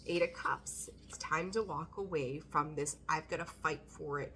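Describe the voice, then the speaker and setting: A woman's voice: sits low, normal speed, sharp tone, slight background noise. A woman doing a casual tarot reading, talking bluntly, swearing freely and laughing often. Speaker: tarot reader.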